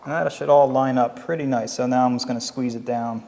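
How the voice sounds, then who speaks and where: A man with a Philadelphia accent giving a relaxed, step-by-step crafting tutorial while he works. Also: mid-range voice, brisk, gravelly, long reverb tail. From Philadelphia area. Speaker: leathercraft instructor. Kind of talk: casual how-to tutorial.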